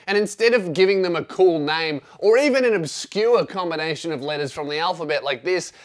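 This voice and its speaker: Sarcastic Australian comedian, raised voice. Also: male voice, a little high, brisk, hardly any pauses. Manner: sarcastic, swearing, animated. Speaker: comedian, host. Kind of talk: comedic commentary with impressions.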